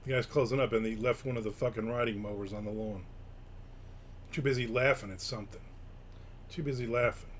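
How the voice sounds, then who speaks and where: A man's voice: mid-range voice, fairly even intonation, fairly quick, long pauses, slight background noise. A man hosting a casual live show, grumbling and swearing sarcastically as he tells stories. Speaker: podcast host. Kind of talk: casual live-stream chat.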